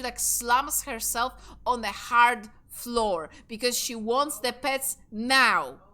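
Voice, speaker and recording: A woman's voice: a little high, bright, forceful tone. A young woman streaming a game, chatting casually in a rambling way and swearing offhandedly. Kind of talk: casual live-stream chat while gaming.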